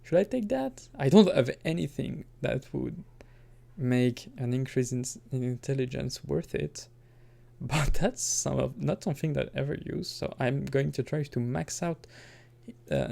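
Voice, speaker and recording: A man's voice: mid-range voice, expressive, measured pace, creaky, mellow. A man giving casual let's-play commentary, rambling and correcting himself, with chuckling asides. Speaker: gaming commentator.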